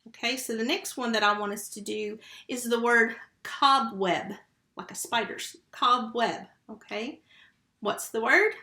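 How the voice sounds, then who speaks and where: A woman who teaches first grade, giving a slow, patient remote phonics lesson and sounding out syllables and letters. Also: a little high, bright, forceful tone, reverberant.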